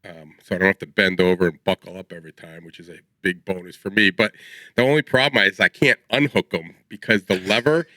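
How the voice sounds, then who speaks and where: Bright-voiced rambling podcast co-host, a man. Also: sits low, a little fast, no echo, low-quality recording. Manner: rambling storyteller, laughs mid-sentence. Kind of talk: casual chat.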